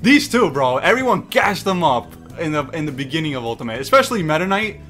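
A young man reacting to memes in casual commentary, excitable and mock-exasperated, swearing and laughing often. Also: on the high side, fast talker. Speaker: YouTube meme reactor. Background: faint background music.

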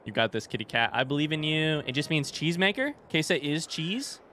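A man's voice: on the high side, expressive, brisk, pushed and bright, a little hiss or hum. Chatty young man streaming a game. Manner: chatty, talks to chat, swears casually. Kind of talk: casual live-stream gaming commentary.

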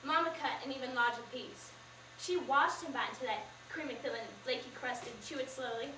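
A teenage girl performing a memorized story in the first person, with expressive, measured narration, in a school auditorium. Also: high-pitched. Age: teens. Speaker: student performer. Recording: echoey room, from far off, faint noise.

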